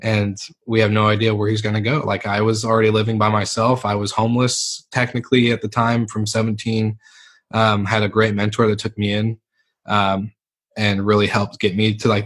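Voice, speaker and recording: A man's voice: lowish voice, flat delivery, fairly quick. A young man telling his life story as a podcast guest, laid-back and rambling, with lots of fillers. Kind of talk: candid storytelling interview.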